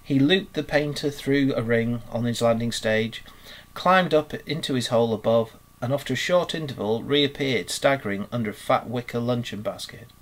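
A man, a primary school teacher, reading a children's book aloud in a measured, expressive way. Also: mid-range voice, rough recording.

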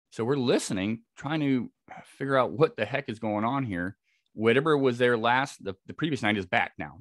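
A podcast guest who researches Bigfoot recounts a vivid first-person encounter, frequently restarting his sentences. His voice is fairly low and a little fast, recorded with clean studio sound and no echo.

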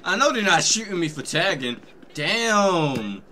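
A man's voice: high-pitched, very animated, unhurried, sharp tone, slight background noise. A young man casually commenting on a game stream, joking and swearing loosely.

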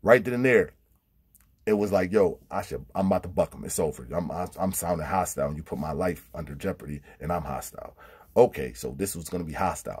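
Man, casual prison storytelling, animated, husky, low-pitched. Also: fast talker. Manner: animated, acts out quotes with big pitch jumps. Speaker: former prisoner telling stories.

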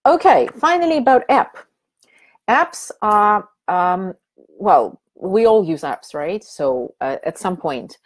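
A woman's voice: mid-range voice, expressive, takes it slowly. Chatty woman presenting a webinar. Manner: chatty, hesitant, many fillers and restarts. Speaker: teacher trainer presenting a webinar.

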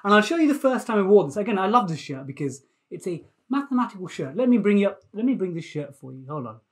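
Playful maths teacher. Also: male voice, high voice, quick pace. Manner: energetic, playful, repeats himself. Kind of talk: live online maths lesson for children.

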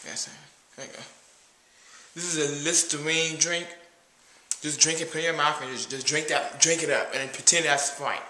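A man's voice: a little high, steady tone, fairly quick, pushed and bright, roomy sound, a little hiss or hum. A man playing a cheap, nervous date who brags about himself and keeps calling himself "your boy", in a comedy skit.

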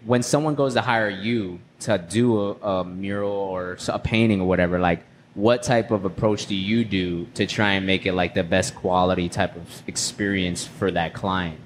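Low-voiced guy hosting a podcast, teasing and joking around, then asks questions, bit of hiss. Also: fairly even intonation, moderate pace, few pauses. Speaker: podcast host. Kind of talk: casual podcast chat.

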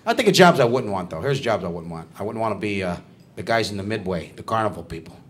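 A man doing a stand-up comedy routine on a club stage, ranting, shouting punchlines and bantering with the crowd. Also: fairly low pitch, lively intonation, quick pace, very noisy. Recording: live club with loud audience laughter. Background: crowd laughing.

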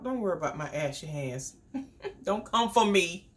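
Chatty, excitable woman unboxing at home. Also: on the low side, a little slow. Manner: chatty and excitable, talks straight to viewers. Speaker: beauty vlogger. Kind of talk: casual unboxing vlog. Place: home indoors.

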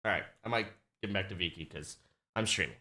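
A man streaming from his desk, talking casually and swearing now and then, slipping into high baby talk with a puppy. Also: brisk, bright, forceful tone. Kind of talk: casual live-stream chat.

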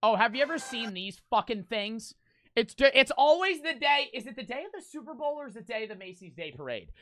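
A man hosting a reaction video, talking casually in a loud, blunt, profane way and laughing often. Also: very high voice, big pitch swings, fast talker, dry recording, clean studio sound.

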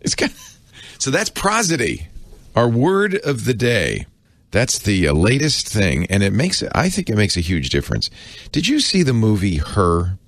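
Deep, gravelly, animated middle-aged man. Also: moderate pace. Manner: chatty, self-correcting, laughing asides. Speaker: podcast co-host. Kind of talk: casual explaining chat.

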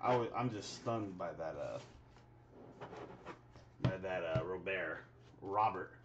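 In this very noisy clip with the highs cut off, a low-voiced man speaks slowly while hosting a live sports card break. He lists player names as packs are opened and reacts with excited exclamations to the big hits.

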